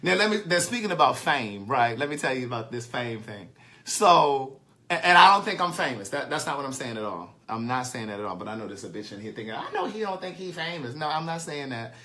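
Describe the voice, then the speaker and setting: Bright-voiced chatty man telling a story. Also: mid-range voice, lively intonation, a little fast. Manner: chatty, swearing, laughing at his own story. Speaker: author and live-streamer. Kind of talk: casual storytelling monologue.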